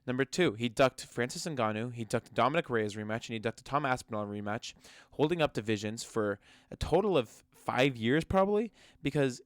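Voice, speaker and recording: A man's voice: medium pitch, smooth, no echo. A man giving casual, sarcastic reaction commentary on MMA fighters and ranting with many restarts.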